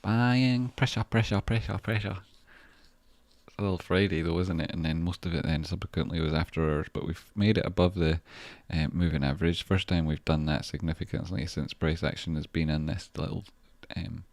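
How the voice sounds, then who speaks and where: A Scottish man with a deep, low voice talks loosely through a livestream, reading out chat and heaping on thanks. He swears freely and rambles in a relaxed way. The sound is close and dry, with no room around it. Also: a little fast, hardly any pauses, no room sound. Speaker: stock trading livestreamer. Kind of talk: casual livestream chat, reading viewer messages.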